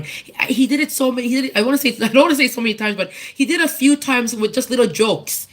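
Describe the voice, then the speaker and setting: A woman's voice: a little high, animated, quick pace. A woman giving an informal personal testimony at church, earnest and candid, often restarting and repeating herself as she searches for words. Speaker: church speaker giving a tribute.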